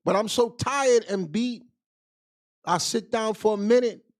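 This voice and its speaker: A man's voice: sits high, a little slow. A man teaching as a deacon, answering viewer questions in a Bible class in a blunt, emphatic, street-casual way.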